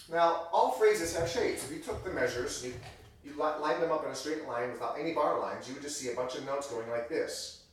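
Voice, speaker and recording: Man teaching piano in an echoey room. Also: medium pitch. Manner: conversational, self-correcting, acts out example sentences. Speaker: music teacher. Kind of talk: piano lesson explanation. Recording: very echoey room, voice distant from mic.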